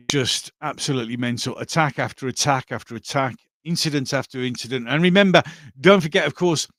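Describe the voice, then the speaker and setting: A man's voice: medium pitch, no echo, studio quality. A man hosting a casual live stream, reading out viewer comments and rambling with many fillers and restarts.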